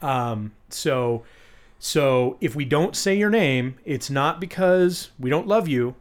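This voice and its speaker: A man's voice: mid-range voice, lively intonation, slow pace. A man co-hosting a podcast in casual, rambling chat, swearing freely and joking around. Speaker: podcast co-host.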